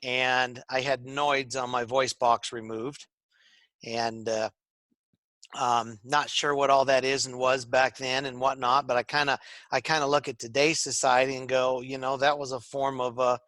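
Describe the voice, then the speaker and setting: A man from Michigan with a Northern US accent and a slightly raspy voice, co-hosting a casual chat and rambling with many fillers. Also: mid-range voice, level tone, measured pace, a bit bright, no room sound. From Michigan, USA. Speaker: podcast co-host.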